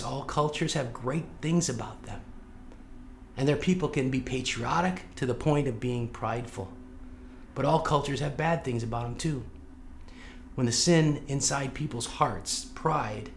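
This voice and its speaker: Gravelly and mid-range, this man's voice comes with a little hiss or hum in the recording. He's a pastor from St. Louis in the US, delivering a sermon in which he tells a personal story and addresses the congregation with earnest directness.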